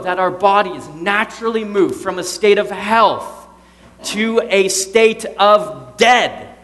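A man in his thirties preaching a sermon in a casual, joking way, swinging between loud outbursts and quiet, serious stretches. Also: high voice, slow, long reverb tail, slight background noise. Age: 30s. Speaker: pastor.

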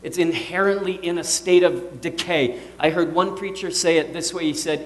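A man in his thirties preaching a sermon in a casual, joking way, swinging between loud outbursts and quiet, serious stretches. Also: fairly high pitch, moderate pace, few pauses, in a large hall. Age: 30s. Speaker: pastor.

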